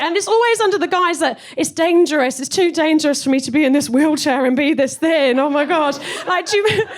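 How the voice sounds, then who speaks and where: Woman, young adult, stand-up comedy, animated asides, higher pitch. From Cornwall, England. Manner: animated, self-deprecating, chatty asides to the crowd.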